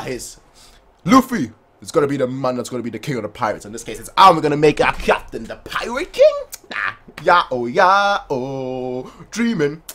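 Animated man reacting to manga. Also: mid-range voice, breathy edge. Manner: animated, puts on silly voices for characters. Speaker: manga reaction channel host. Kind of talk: excited manga reaction commentary.

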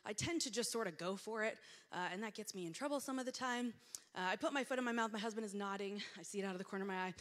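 A woman in her thirties preaches in a church, her mid-pitched voice trailing off into a long reverb that fills the hall. She reads scripture and then shares candid, self-deprecating stories in an open way. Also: rapid-fire. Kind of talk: sermon with scripture reading and personal story. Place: church sanctuary.

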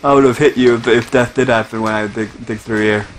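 A man's voice: medium pitch, fairly even intonation, fast talker, low-quality recording. Rambling man playing a game, faint hiss. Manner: rambling, restarts and whiny complaints. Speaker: gamer. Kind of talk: casual gaming chat.

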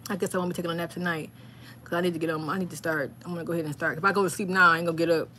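Chatty excitable woman streaming live. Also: lowish voice, very fast, a little hiss or hum. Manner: rambling, excitable, chats with viewers and reads their comments aloud. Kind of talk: casual live stream chat.

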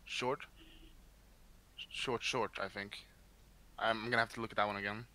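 A man's voice: on the low side, flat delivery, normal speed, sharp tone. A man in a casual co-op game, calling out signals and laughing easily. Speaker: bomb defuser in a co-op game. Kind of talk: casual gaming chat.

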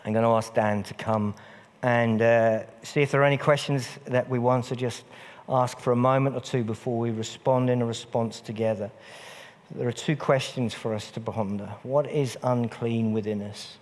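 A man's voice: mid-range voice, steady tone, moderate pace, darkish tone. A man preaching a sermon in a church, earnest and repeating phrases for emphasis. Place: church hall. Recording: long church reverb.

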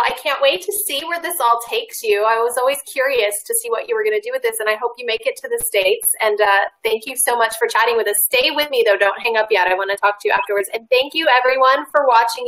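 A woman with a slightly high voice hosts an interview. She asks her questions brightly and welcomingly, steering the talk toward its close with ease. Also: fast, few pauses, low-quality recording. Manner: upbeat, welcoming, wraps up smoothly. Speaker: television host, interviewer. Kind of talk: friendly interview hosting.

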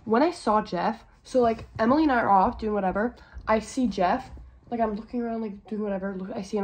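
A woman's voice: medium pitch, quick pace, a little mellow. A young woman vlogging in a casual, gushing way, full of "like" and swearing. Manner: bubbly, gushing, swears a lot, fillers like "like". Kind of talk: casual vlog chat.

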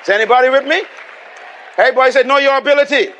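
A man's voice: extremely high pitch, rapid-fire, sharp tone, some chatter behind, slight background noise. A Bahamian man preaching a live sermon, emphatic and repetitive, calling on the congregation to respond and repeat after him. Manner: emphatic, repeats lines and calls for audience response. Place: live venue before a congregation.

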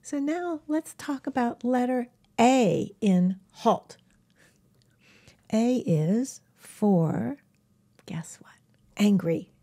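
A woman animal communicator giving casual, gentle self-help advice to camera, often dropping into a soft whisper. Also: fairly high pitch, animated, extremely slow, pauses often.

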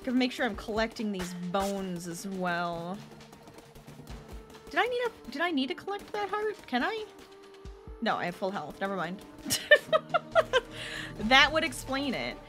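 Excitable girl streamer chatting w her viewers, voice bouncing all over. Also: medium pitch, unhurried, long pauses, over music. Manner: excitable, chatty, reacting aloud to chat. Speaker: game streamer. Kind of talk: casual gameplay commentary.

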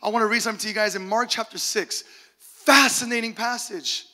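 Male pastor, high bright voice, animated sermon storyteller. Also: a little fast, in a large hall. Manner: animated storytelling with laughs and quoted asides. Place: church sanctuary.

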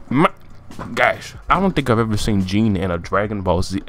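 A man giving excitable, profane, joking commentary on a game trailer from his room. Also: fairly low pitch, moderate pace. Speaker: gaming YouTuber. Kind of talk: casual gaming commentary. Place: home room, sitting at a desk chair.

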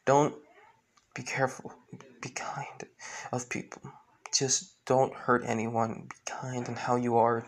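A man voicing a dying, loving mother who speaks in a faint whisper. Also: medium pitch.

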